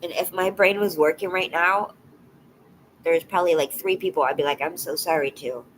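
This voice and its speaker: A woman live streaming and chatting casually with her viewers, teary and emotional, talking in a halting, soft way that often trails off into a whisper. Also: lowish voice, steady tone, a little hiss or hum, poor audio.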